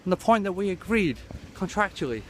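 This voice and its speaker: A man ranting in a rambling, sweary, deadpan way as a comic monologue to camera. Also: high voice, a little fast. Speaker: comedy vlogger. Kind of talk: absurd comic rant to camera. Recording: clear traffic noise outdoors.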